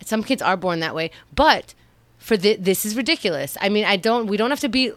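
A woman hosting a casual talk show, blunt and argumentative with quick retorts. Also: medium pitch, expressive, fairly bright tone, no room sound. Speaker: host. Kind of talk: casual chat.

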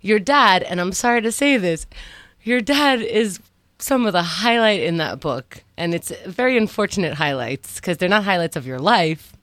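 A woman's voice: mid-range voice, animated, normal speed, fairly bright tone, no room sound. A woman co-hosting a casual comedy podcast, teasing her co-host and reading out store plugs.

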